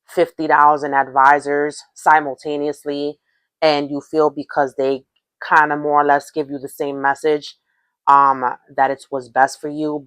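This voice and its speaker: A woman's voice: low-pitched, no echo. A woman with a Spanish accent giving a casual tarot reading to her viewers, rambling and often restarting her phrases. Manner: rambling, repeats and restarts phrases, frequent "okay?". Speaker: tarot reader.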